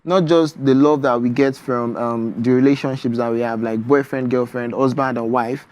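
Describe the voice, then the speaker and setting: Man, young adult, Nigerian English accent, author guest on breakfast TV, measured reflective speech, mid-pitched voice. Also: steady tone, a little mellow. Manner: measured, reflective, with frequent ums. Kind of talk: TV interview, reading his poetry.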